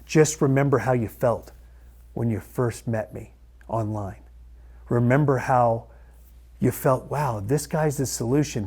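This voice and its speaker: A man's voice: medium pitch, a little mellow. A middle-aged man, a mortgage lender turned coach, telling his personal story to camera in an earnest, conversational way that repeats phrases for emphasis.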